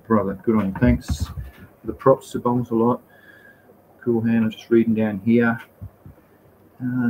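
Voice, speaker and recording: A man's voice: medium pitch, a little mellow, lo-fi sound, slight background noise. A man with an Australian accent hosting a live stream and answering chat questions in a laid-back, rambling way, with slang and the odd swear word. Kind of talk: casual live Q&A.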